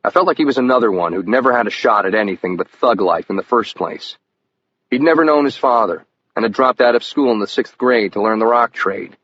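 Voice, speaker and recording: A man giving scripted first-person audiobook narration in an even, measured storytelling manner. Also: mid-range voice. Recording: muffled lo-fi audio with faint hiss.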